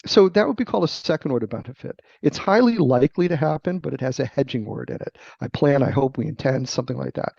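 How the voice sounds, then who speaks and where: A middle-aged man with a gravelly voice, a guest author explaining sales ideas in a teacherly, emphatic interview manner. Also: mid-range voice, lively intonation, fast, few pauses, a little mellow, no echo. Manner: emphatic, teacherly, checks in with "right?". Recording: dull lo-fi dry remote audio.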